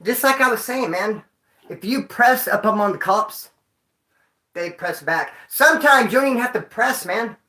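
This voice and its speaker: A man tells stories to his viewers in a rambling way, heavy with street slang and profanity. His voice is bright and forceful. The room around him is echoey. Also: high-pitched, expressive, moderate pace. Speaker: vlogger. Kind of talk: casual storytelling to viewers.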